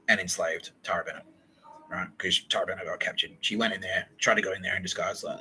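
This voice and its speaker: A young man hosting a podcast, rambling through a profane, excitable solo monologue that jumps from idea to idea. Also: sits low, a little hiss or hum, low-quality recording. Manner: profane, excitable, fast-shifting and digressive. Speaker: podcast host.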